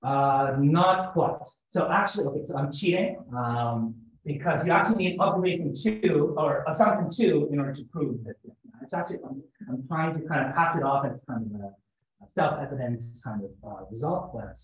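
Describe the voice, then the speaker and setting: A man's voice: on the high side, lively intonation, normal speed. A man giving a mathematics seminar talk, explaining step by step and thinking aloud as he goes. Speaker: lecturer. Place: seminar room. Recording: echoey lecture room, slightly dull sound.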